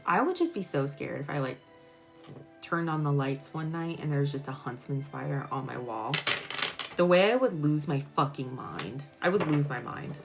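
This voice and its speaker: A woman doing a live-stream tarot reading, chatty and expressive, jumping from excited squeals to low murmurs as she talks to her viewers. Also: normal speed, creaky, loud music behind the voice. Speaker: tarot reader.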